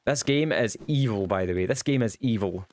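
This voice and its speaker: A young man chatting casually while streaming a game, goofy and quick, with lots of ums. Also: on the low side, lively intonation, darkish tone, a little hiss or hum. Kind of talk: casual livestream chat while gaming.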